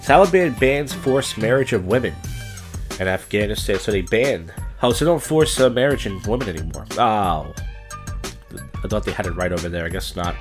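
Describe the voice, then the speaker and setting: A man's voice: fairly low pitch, expressive, normal speed, soft background music. A man hosting a comedy podcast, reading odd news stories and adding sardonic, rambling asides. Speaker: podcast host. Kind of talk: casual comedic news commentary.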